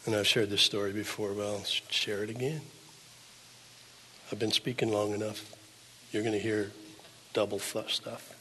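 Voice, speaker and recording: An older man preaching a sermon as pastor, swinging from hushed, low passages to loud, pleading ones. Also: flat delivery, moderate pace, long pauses, a little hiss or hum. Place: church sanctuary. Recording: long hall reverb.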